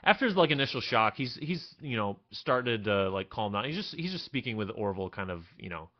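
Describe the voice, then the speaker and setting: A man narrating a tabletop game as dungeon master, speaking haltingly with many fillers and restarts. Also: fairly low pitch, sing-song. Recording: dull lo-fi recording.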